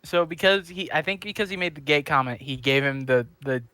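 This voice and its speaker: A man co-hosts a casual podcast, laughing and jumping in to correct details. His voice is bright and a little high. The recording is dry. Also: no room sound. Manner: laughing, chiming in with quick recollections. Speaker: podcast co-host. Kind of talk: casual chat.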